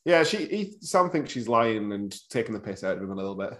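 A man's voice: on the low side, big pitch swings, fairly quick, fairly bright tone. A man co-hosting a casual podcast, easygoing and laughing along as he discusses a film. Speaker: podcast co-host. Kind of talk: casual chat reviewing a film.

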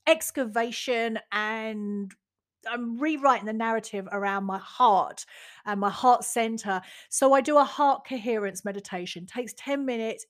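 A woman in her forties talks through her days in a candid, reflective monologue. Her voice sits a little on the high side. She is chatty and frank, swears now and then, and briefly mimics her own inner voice.

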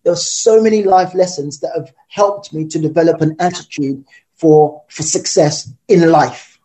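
A man telling a personal story in an interview, fast and animated. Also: fairly high pitch. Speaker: guest.

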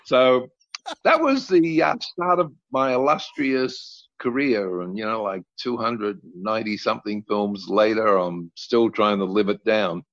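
A man's voice: lowish voice, unhurried, a bit bright, dry recording, muffled recording. An older man, a guest actor, tells colorful, blunt anecdotes and swears freely. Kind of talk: animated anecdote-telling.

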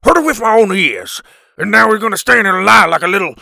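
A man voicing a filthy, hot-tempered older male caveman teacher who talks in gruff, broken grammar. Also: sits high, fairly quick, sharp tone, no room sound, clean studio sound, pitched above the performer's own voice, full character voice. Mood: accusing.

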